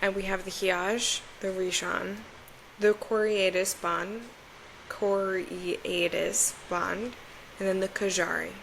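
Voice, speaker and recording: A young woman co-hosting a book podcast in a relaxed, playful chat, tripping over fantasy names. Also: medium pitch, slow, creaky, a little hiss or hum, poor audio. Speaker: podcast co-host. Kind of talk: casual chat.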